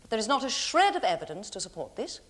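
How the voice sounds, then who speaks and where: An earnest defence barrister. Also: female voice, on the high side, big pitch swings, fast talker. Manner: formal, earnest, persuasive. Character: composed female barrister defending client. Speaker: defence counsel. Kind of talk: 1970s television courtroom drama.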